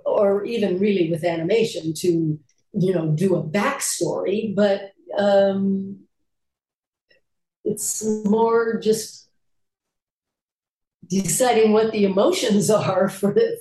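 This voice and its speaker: Slow-talking older actress in a roomy space. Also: female voice, medium pitch, steady tone, dark tone. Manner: unhurried, laughs often while telling stories. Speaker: actress and voice actor guest. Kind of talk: casual interview storytelling.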